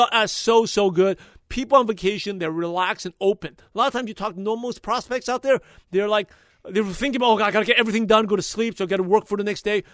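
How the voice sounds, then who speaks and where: A man with a high, bright voice pours out motivational recap talk at top speed. His delivery is close and dry, with no room around it, and he pushes with upbeat energy as he wraps up the show. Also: no echo. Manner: energetic, motivational, talks fast when passionate. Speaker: podcast host. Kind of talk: enthusiastic podcast recap.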